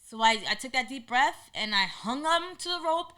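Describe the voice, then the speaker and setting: A woman hosting a podcast, telling a personal story in an animated way and acting out what people said. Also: high voice, normal speed. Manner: animated, acts out quotes in lively voices. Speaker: podcast host.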